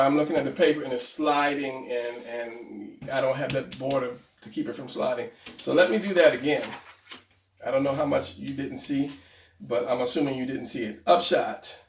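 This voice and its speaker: Gravelly man rambling through a drawing lesson. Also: mid-range voice, fairly even intonation, a little slow, far from the mic. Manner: rambling, self-correcting, talks to himself while drawing. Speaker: drawing tutorial host. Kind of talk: casual drawing instruction. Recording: roomy, off-mic sound.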